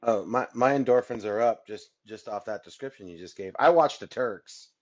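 A man's voice: lowish voice, normal speed, muffled recording. Chatty male caller. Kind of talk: casual call-in chat.

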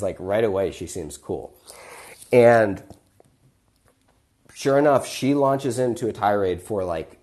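A man hosting a podcast who tells a personal story in a chatty, animated way, with frequent fillers and restarts. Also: lowish voice. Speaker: podcast host.

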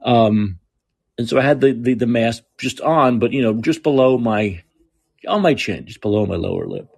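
A man's voice: mid-range voice, very animated, moderate pace, gravelly, darkish tone, breathy edge, no echo, studio quality. A man rants sarcastically and profanely in a digressive podcast monologue. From New York. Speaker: podcast host. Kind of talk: ranting monologue.

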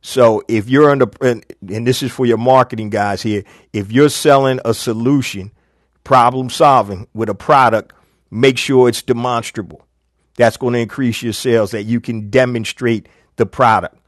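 A man's voice: mid-range voice, fairly even intonation, normal speed, no room sound, studio quality. A middle-aged man hosting a live business advice show, talking casually and telling stories with quoted dialogue. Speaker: business coach host.

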